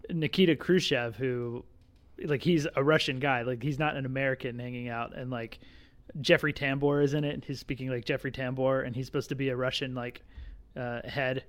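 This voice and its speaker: A man's voice: mid-range voice, fairly even intonation, normal speed. A man co-hosting a casual film podcast, agreeable and asking clarifying questions. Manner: agreeable, often says "yeah", asks clarifying questions. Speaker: podcast co-host.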